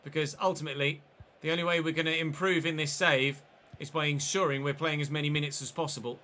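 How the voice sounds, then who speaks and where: A man with a very bright, sharp-edged voice, pitched a little higher than most men. He streams a football video game live, talking through his own play in a chatty way and bursting into excitement at the near chances. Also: fast talker. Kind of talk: live gameplay commentary.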